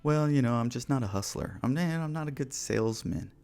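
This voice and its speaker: A man putting on the higher, whining voice of someone who makes excuses for not trying. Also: animated, a little fast, darkish tone, clean tone, soft background music, lightly acted. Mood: whiny. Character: whiny self-doubting man making excuses.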